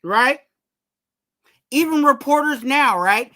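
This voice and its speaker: A man's voice: extremely high pitch, animated, slow pace, bright, forceful tone. A man hosting a fan channel, giving casual sports commentary in a rambling way and urging viewers to subscribe.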